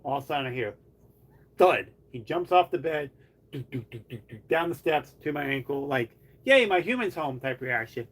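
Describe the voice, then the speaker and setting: A man's voice: medium pitch, fairly quick. A man live streaming from home, chatting casually in a rambling way full of "like". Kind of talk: casual chat.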